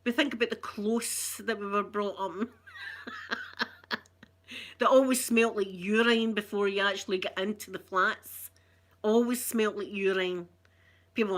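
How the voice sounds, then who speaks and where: A woman's voice: medium pitch, steady tone, unhurried, pauses often, a bit bright. A middle-aged Scottish woman hosting a casual live stream, chatting with viewers, reading out their comments and laughing often. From Scotland. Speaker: ASMR channel host.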